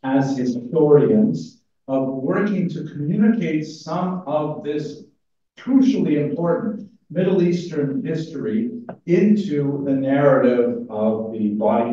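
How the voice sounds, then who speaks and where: A man's voice: mid-range voice, warm tone. Man lecturing in an echoey hall. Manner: casual, self-interrupting, with fillers. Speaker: conference speaker. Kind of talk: academic lecture with humor. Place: large conference hall. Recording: echoey hall from far off, dull sound.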